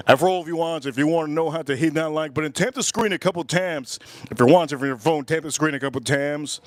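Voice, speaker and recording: A man's voice: a little high, fast, dry recording. A man hosting a livestream, telling a story in casual chat, rambling and repeating his phrases over and over. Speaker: livestream host.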